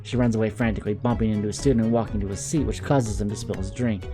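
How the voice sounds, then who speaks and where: A man with a Southern accent reading a visual novel's narration aloud in a relaxed, wry, matter-of-fact way. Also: lowish voice, racing, few pauses, soft background music. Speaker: let's play host.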